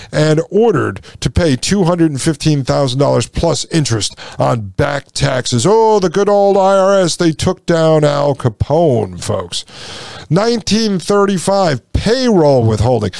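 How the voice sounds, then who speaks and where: A man hosts a commentary podcast, reading out passages and tearing into them with sarcasm. His voice is gravelly and a little high for a man. It is recorded dry and close. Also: darkish tone, no room sound. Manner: sarcastic, ranting, reads excerpts then mocks them. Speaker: podcast host. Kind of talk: political commentary monologue.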